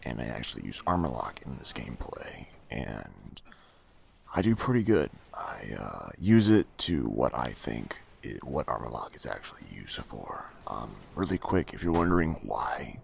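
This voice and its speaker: A man talking over gameplay in a slow, deep, gravelly character voice he practices for voice acting. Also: sing-song, full character voice. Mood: low, calm. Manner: slow, low, murmured delivery. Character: deep low-voiced male character, menacing. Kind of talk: game commentary in a practice character voice.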